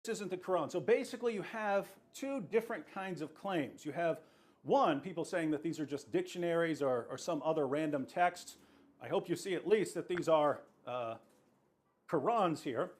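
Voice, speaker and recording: High-voiced man arguing a point. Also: animated, moderate pace. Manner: repetitive, emphatic, explanatory. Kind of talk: argumentative presentation.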